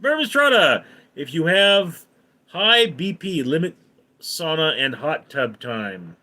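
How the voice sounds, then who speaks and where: A man's voice: on the high side, big pitch swings, slow, bright, forceful tone. A man hosting a casual live stream, reading viewer comments aloud and answering them offhandedly. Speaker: livestream host.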